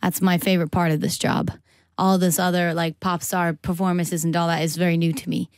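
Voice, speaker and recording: A young woman from Massachusetts, a guest songwriter chatting casually in an interview, bubbly and quick to laugh, acting out quotes. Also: fairly low pitch, flat delivery, a little mellow, no room sound, studio quality.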